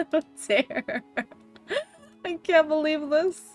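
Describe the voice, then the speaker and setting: A woman streamer hosting a book club, chatting casually, excitable and swearing freely. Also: high-pitched, drawn-out words, faint music behind. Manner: excitable, swears a lot, loud laughing outbursts. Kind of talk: casual chat.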